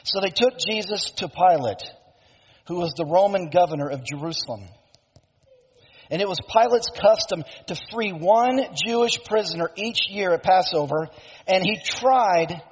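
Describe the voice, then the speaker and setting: Male preacher, emphatic storyteller, husky high voice, long hall echo, dull lo-fi sound. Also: unhurried. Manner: emphatic storytelling, self-interrupting. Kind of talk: sermon, dramatic retelling.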